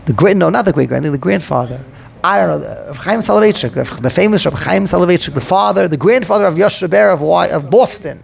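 A man's voice: sits high, expressive, brisk, gravelly. A man teaching a Talmudic lecture as a rabbi, thinking aloud, repeating words as he works through the argument and using many Hebrew terms.

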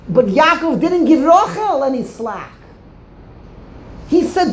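A woman's voice: high-pitched, very animated, takes it slowly, pauses often. A woman giving a Torah lecture, emphatic, repeating phrases to drive home each point. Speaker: Torah teacher. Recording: roomy echo.

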